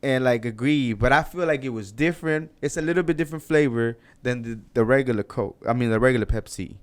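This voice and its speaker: A man's voice: mid-range voice, fast talker. A man hosting a podcast interview, chatting casually and encouragingly, rambling with frequent restarts. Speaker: podcast host.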